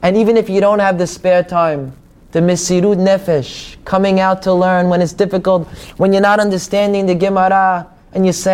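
A man's voice: sits high, flat delivery, moderate pace, darkish tone, clear, resonant tone. A man preaching a sermon, telling a story with animation and acting out the people in it.

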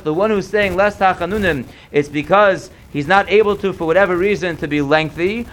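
A man teaching a text study class, reading passages slowly and explaining them in plain words. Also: high voice, lively intonation, fairly bright tone. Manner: reads Hebrew passages slowly, then explains in English; thinks aloud with repeated words when unsure. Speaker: Torah teacher.

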